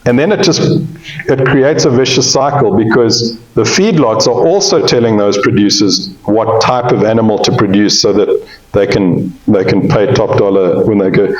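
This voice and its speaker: A man's voice: on the low side, moderate pace. A man giving a pre-sale presentation on cattle, folksy and joking, often checking in with the audience. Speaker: cattle industry speaker. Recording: roomy, slightly dull sound.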